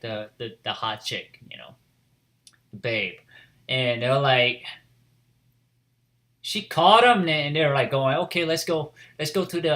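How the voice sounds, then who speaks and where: Bright-voiced man rambling through a review. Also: medium pitch. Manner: rambling, heavy use of "you know" and "like", restarts mid-phrase. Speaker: anime episode reviewer. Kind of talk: casual spoken review.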